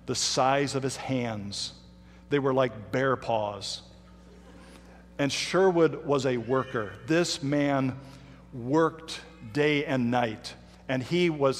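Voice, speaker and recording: A middle-aged man preaches from the pulpit, telling a personal story with emphatic pacing and sudden dramatic slowdowns. His mid-range voice carries a long reverb tail through the church hall. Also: medium pitch. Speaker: pastor. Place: church sanctuary.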